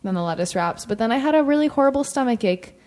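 A woman's voice: a little high, lively intonation, fast talker, a little mellow. A woman co-hosting a podcast, telling everyday stories in a chatty way with lots of fillers. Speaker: podcast co-host. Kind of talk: casual chat.

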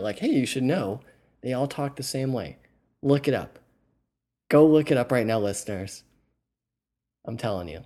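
A man's voice: mid-range voice, a little mellow. A man hosting a casual podcast. He rambles and rants, swears freely, and keeps the talk loose. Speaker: podcast host. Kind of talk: casual chat.

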